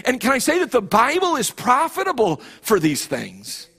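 Husky-voiced man preaching a sermon. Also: very high-pitched, wildly swooping pitch, moderate pace, sharp tone. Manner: emphatic preaching with frequent repetitions and restarts. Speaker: pastor.

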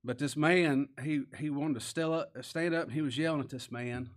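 A man preaching a sermon, swinging between quiet stresses and raised, impassioned emphasis. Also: a little high, moderate pace. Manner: impassioned, rising and falling emphasis. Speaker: pastor.

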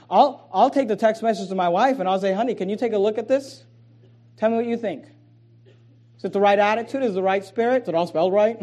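High-pitched guy preaching, repeats himself a lot, goes quiet then loud. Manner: emphatic preaching with frequent repeated words and restarts; swings between soft low asides and loud raised emphasis. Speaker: pastor. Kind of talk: sermon.

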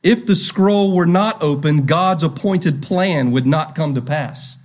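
A man's voice: on the high side, measured pace. A male pastor preaching a sermon, asking rhetorical questions and repeating key phrases.

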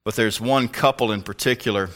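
A man's voice: on the low side, fairly even intonation, a little fast, a bit bright. An older man, a pastor, preaching a sermon in an emphatic, folksy way with asides to the congregation.

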